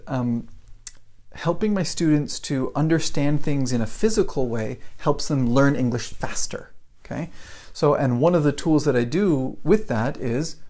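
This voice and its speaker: A man's voice: medium pitch, darkish tone. Brief: male English teacher, casual live-stream talk, storytelling, keeps asking "right?".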